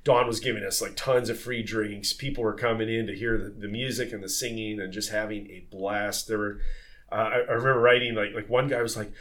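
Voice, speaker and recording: A man who sailed on tall ships, telling stories in a casual podcast conversation, lively and full of fillers and restarts. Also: fairly low pitch, fairly quick. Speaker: former tall ship sailor.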